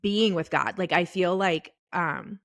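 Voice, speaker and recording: A middle-aged woman co-hosting a podcast, talking about her faith in a halting, tearful way. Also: lowish voice, dry recording, studio quality. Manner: tearful, halting, soft-spoken. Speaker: podcast co-host. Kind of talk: casual faith chat. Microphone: podcast microphone.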